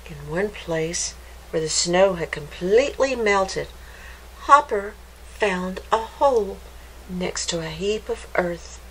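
Slow, gentle storytime librarian woman. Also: mid-range voice, animated, slight background noise, rough recording. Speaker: children's librarian. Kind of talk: reading a picture book aloud.

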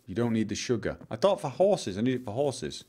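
A man streaming live gameplay, muttering to himself, repeating lines and breaking into excited outbursts. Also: mid-range voice, a little fast.

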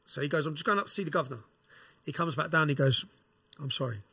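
A man telling a prison story as a podcast guest, animated, swearing and using slang. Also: a little high, quick pace, husky. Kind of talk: casual storytelling.

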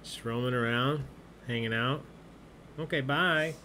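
A man's voice: medium pitch, unhurried, bright, forceful tone, slight background noise. A man hosting an online trivia game, reading out questions and answers in a jokey, chatty way. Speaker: trivia host. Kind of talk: live-streamed trivia hosting.

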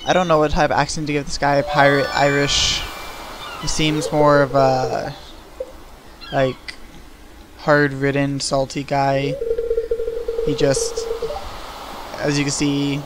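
A man's voice: medium pitch, takes it slowly, pauses often, noisy background. A young man giving casual, rambling commentary on his gameplay, with plenty of fillers. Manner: relaxed, rambling, many fillers. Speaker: gameplay video creator. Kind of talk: casual let's-play commentary. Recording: home recording with clear game music.

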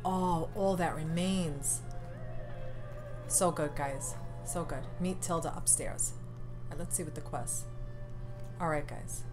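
A young woman commentating her video game playthrough, excitable and emotional, swearing casually. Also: low voice, takes it slowly, long pauses. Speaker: gaming streamer. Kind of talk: let's play commentary. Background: game music.

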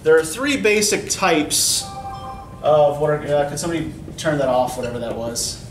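A man's voice: fairly high pitch, moderate pace, faint music behind. A man teaching a college poetry class, explaining with a habitual "right?" to his students. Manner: explanatory, often checks in with "right?". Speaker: college English instructor. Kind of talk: classroom lecture. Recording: echoey classroom from far off, faint noise.

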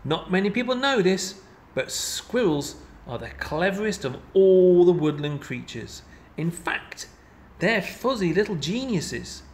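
A man reads a children's storybook aloud, unhurried and fond of drawing out his phrases. His voice sits a touch higher than most men's, and he tells the tale with a playful, expressive lilt. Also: slight background noise. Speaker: storybook reader. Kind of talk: reading a children's picture book aloud.

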